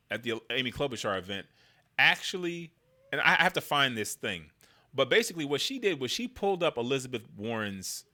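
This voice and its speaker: A man's voice: medium pitch, sharp tone. A man giving casual political commentary in a slangy, conversational way, riffing loosely as he goes.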